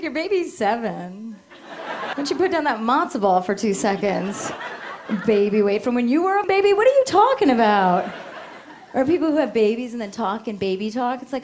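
Animated sarcastic woman doing stand-up. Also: sits high, brisk, a little hiss or hum. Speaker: stand-up comedian. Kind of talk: stand-up comedy routine.

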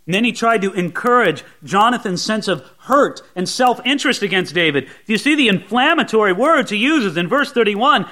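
A man's voice: high voice, animated, moderate pace, few pauses, pushed and bright. A man preaching a Bible sermon as a pastor, often putting rhetorical questions to his listeners.

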